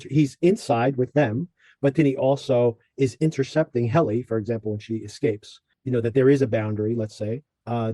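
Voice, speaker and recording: Male podcast host, rambling casual recap, warm husky tone. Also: medium pitch, no echo, rough recording. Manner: rambling, with frequent fillers and laughs.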